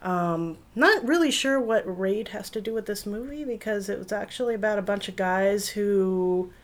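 A woman's voice: medium pitch, normal speed. A woman with a voice that sits in the middle of her range chats casually as a podcast co-host. Her remarks are wry and teasing. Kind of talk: casual chat.

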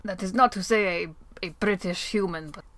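A woman's voice: mid-range voice, moderate pace, a bit bright, dry recording. Jokey female player, dry close sound.

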